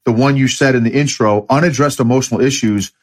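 A man's voice: mid-range voice, fast. A man speaking as a guest in an interview, emphatic and repeating key phrases. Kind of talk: casual interview.

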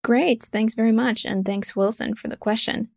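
A woman co-hosting a podcast, reading audience questions from the chat in a clear, even way. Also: a little high, normal speed.

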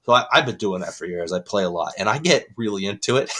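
A man with a fairly low voice tells a story on a casual podcast. He swears freely and his voice shoots up whenever he gets worked up, then settles back into easygoing chat. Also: a little fast. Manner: animated storyteller, swearing, voice jumping up when excited. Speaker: podcast co-host.

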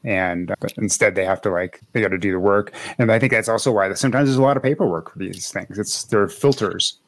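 A man with a fairly low voice hosts a relaxed podcast conversation. He rambles along with plenty of "like"s and restarts, and the close, dry sound has almost no room echo. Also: fast. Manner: chatty, rambling, many fillers and restarts. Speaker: podcast host. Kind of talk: casual podcast chat.

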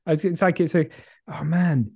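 Male podcast co-host, mellow and rambling, dry close mic. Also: fairly high pitch, moderate pace, vocal fry, breathy edge, no room sound. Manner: rambling, reflective, many fillers and restarts; swears casually, laughs easily. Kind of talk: casual chat.

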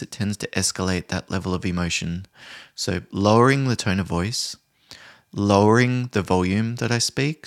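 A man who trains people in conflict resolution, giving a calm, measured solo talk. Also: low voice. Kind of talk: podcast explainer, solo talk.

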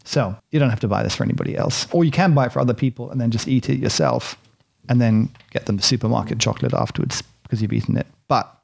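A man's voice: mid-range voice, quick pace, creaky, darkish tone. A man hosting a casual chocolate tasting, chatty and rambling, poking fun at himself. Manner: chatty, rambling and self-deprecating.

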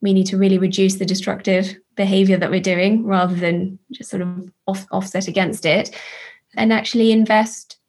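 Woman, charity leader guest, earnest, thoughtful, frequent restarts, mid-pitched. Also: little pitch movement, a little mellow. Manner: earnest, halting restarts, enthusiastic. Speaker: charity chief executive, guest. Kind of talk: reflective interview talk.

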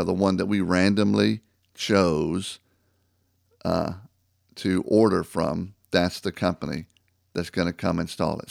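A man's voice: sits low, gravelly, no echo, clean studio sound. A man sharing a personal faith testimony, telling the story with acted-out phone calls and turning reflective as he reads scripture. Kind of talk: personal testimony and devotional talk.

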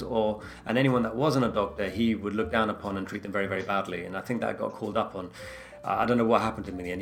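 A man chats casually as a podcast co-host. He is an animated storyteller who acts out every line he quotes. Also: lowish voice. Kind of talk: casual chat.

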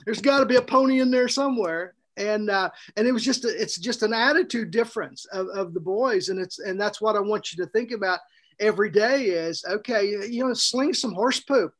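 A man co-hosting a podcast, telling a story in a casual, animated way, laughing often and restarting his sentences. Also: sits high, moderate pace. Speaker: podcast co-host and author.

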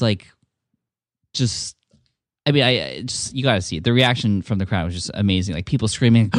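A man's voice: on the low side, expressive, normal speed, no room sound, studio quality. A man hosting a podcast, talking with enthusiasm and many restarts and fillers. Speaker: podcast host. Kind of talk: casual podcast talk.

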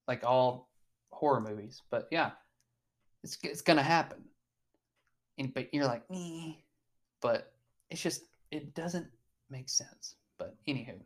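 Chatty, swearing podcast host. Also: mid-range voice. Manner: chatty, swears, laughs often. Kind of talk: casual chat.

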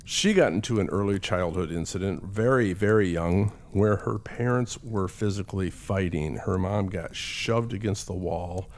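Middle-aged male counselor, somewhat low voice, easygoing talk with stories. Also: normal speed, few pauses, darkish tone. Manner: conversational storytelling with acted quotes.

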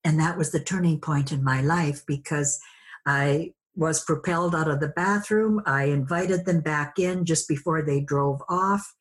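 A woman's voice: low voice, a little slow. A woman guest sharing a personal story in a conversation, reflective, acting out remembered dialogue.

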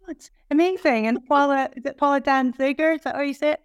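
A woman's voice: sits high, fast, dry recording, clean studio sound. A woman with a Scottish accent, a podcast guest chatting effusively with gushing exclamations. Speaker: guest author. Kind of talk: casual podcast chat.

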